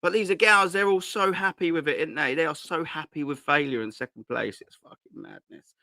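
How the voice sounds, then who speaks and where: A man's voice: fairly high pitch, fairly quick, sharp tone, no room sound, clean studio sound. A man hosting a casual live stream from home, rambling and swearing with lots of slang into a cheap desk mic at his laptop. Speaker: host.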